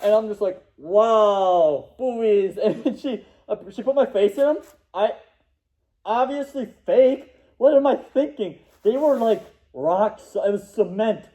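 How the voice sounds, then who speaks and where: A man's voice: high-pitched, measured pace, warm tone. A young man casually telling a rambling story, laughing and acting out what people said. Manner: rambling, laughing, acts out quotes.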